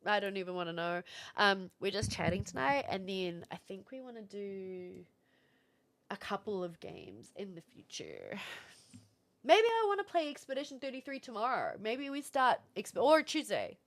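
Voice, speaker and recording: A woman's voice: mid-range voice, sing-song, moderate pace. A woman streamer in casual livestream chat, rambling along, laughing often and thanking viewers. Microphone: streaming setup with camera.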